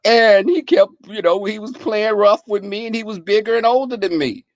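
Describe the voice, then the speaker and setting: A man hosting a live stream, casually telling stories to his chat in a profane, animated way, often breaking into laughter. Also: high-pitched, normal speed, no echo, highs cut off.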